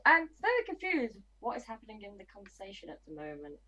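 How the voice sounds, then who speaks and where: Fast and forceful, a woman in her 20s with a bright, medium-pitched voice swoops wildly in pitch as she chats bluntly on her gaming livestream. She curses freely and mutters to herself during play, all on a low-quality recording.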